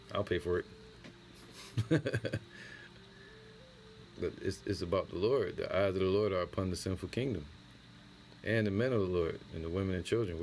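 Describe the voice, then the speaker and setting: A man teaching an impromptu scripture lesson, reading verses slowly and then commenting in loose, slangy talk. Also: low-pitched, a little mellow, a little hiss or hum. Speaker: teacher of a religious camp.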